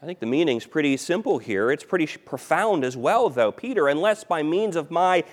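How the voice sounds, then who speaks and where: A man preaching a sermon as pastor, emphatic, repeating key phrases and swinging between loud stress and quiet. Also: fairly high pitch, expressive, brisk.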